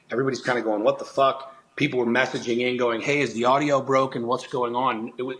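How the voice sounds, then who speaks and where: A man's voice: medium pitch, a bit bright, rough recording. Middle-aged guy, intense storytelling, swears a lot, faint hiss behind. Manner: earnest and intense, frequent swearing and restarts. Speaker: podcast guest. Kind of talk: storytelling in conversation.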